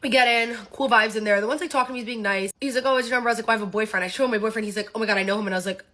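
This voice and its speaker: A young woman rattles through a casual storytime at speed in a bright, fairly high voice. She is animated and acts out each line of dialogue. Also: very fast. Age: young adult.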